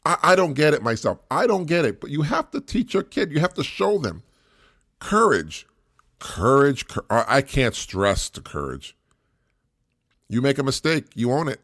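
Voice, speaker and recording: Earnest middle-aged man with lively pitch. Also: normal speed, no echo, studio quality. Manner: earnest and repetitive, laughs often, many restarts. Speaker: podcast host, single father. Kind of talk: solo podcast monologue.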